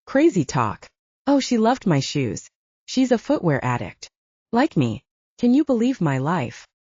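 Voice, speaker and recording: A woman's voice: fairly low pitch, very animated, unhurried, darkish tone, breathy edge, no echo, dull audio, heavily acted. A woman narrator voicing a blunt, bubbly, teasing young woman as the best friend in an audiobook. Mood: playful.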